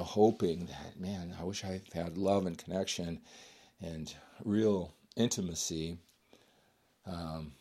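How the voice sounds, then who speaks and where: A man's voice: lowish voice, gravelly, darkish tone, slightly rough. A man, an author and former bodybuilder, talking in a rambling casual monologue with many fillers and restarts.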